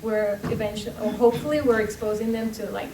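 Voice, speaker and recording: A woman with a Spanish accent, a native Spanish speaker, speaking haltingly and searching for words while sharing advice. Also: mid-range voice, steady tone. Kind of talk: casual group discussion. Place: school meeting room. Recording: distant, echoey, noisy room.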